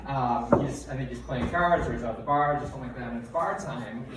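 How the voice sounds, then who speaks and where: Man telling a family story, echoey. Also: medium pitch. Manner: animated, laughing, shouting out quoted lines. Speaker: family member sharing a memory at a memorial. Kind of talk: casual storytelling. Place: memorial gathering in a large room. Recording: echoey room from far off with crowd and noise.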